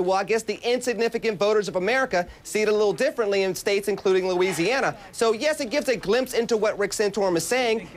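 Male pundit, fast, self-assured, light chuckles between points. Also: high voice, a little hiss or hum. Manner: quick, chuckling, confident pundit. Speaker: Republican political commentator. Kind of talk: TV news panel commentary.

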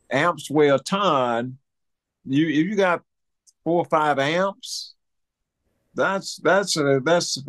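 A man's voice: on the high side, dry recording. A man, telling a story as an interview guest, repeating himself and acting out sounds. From Mississippi. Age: 80s. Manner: animated storyteller with repetitions and sound effects. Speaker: guest musician.

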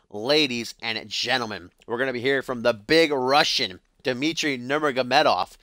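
A man calls a video game match like a wrestling announcer, then drops into crude, jokey banter. His voice is bright and sharp, at a middle pitch for a man. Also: no room sound. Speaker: gaming commentator. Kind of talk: playful mock wrestling commentary.

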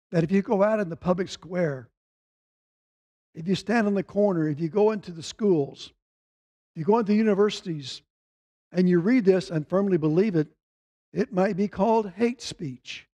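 A man's voice: sits high, mellow. A man preaching a Sunday sermon, reading scripture aloud and lifting his voice when he quotes the speakers. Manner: reads scripture aloud, quoting voices with rising emphasis. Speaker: pastor.

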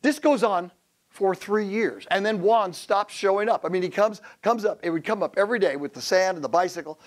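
High-voiced pastor preaching with humor. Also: male voice, brisk. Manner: humorous storytelling with acted quotes. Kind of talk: sermon to men.

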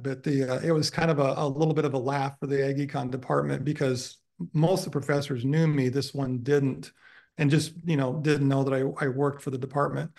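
A man in his sixties giving a guest lecture, telling long self-deprecating stories with many fillers. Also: fairly high pitch. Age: 60s. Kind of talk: anecdotal lecture storytelling. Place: university lecture room.

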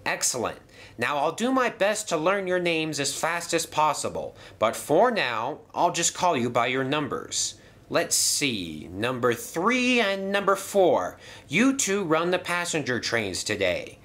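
A man's voice: a little high, big pitch swings, measured pace, fairly bright tone, voice pushed up. A man voicing a polite, fussy lanky male railway controller who sticks to the rules. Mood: brisk. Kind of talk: toy train story voice acting.

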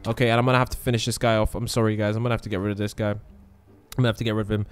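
A man hosting a gaming channel, giving let's-play commentary in an excitable way, often exclaiming and thinking aloud. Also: on the low side, rapid-fire, faint music behind.

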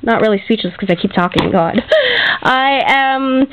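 A woman's voice: fairly high pitch, measured pace. A woman from Canada showing off craft gifts in a casual vlog, gushing and grateful, chatty with lots of fillers, and close to tears. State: emotional, near tears. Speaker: craft vlogger. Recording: dull lo-fi home video audio.

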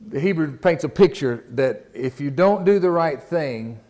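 Folksy preacher man, a bit high-pitched. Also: expressive, measured pace, darkish tone. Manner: folksy, repeats words, asks the congregation questions. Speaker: pastor. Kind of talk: sermon. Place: church.

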